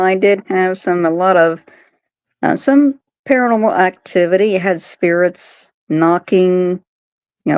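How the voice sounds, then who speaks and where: Female medium guest, calm casual chat, low voice, muffled line. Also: no echo.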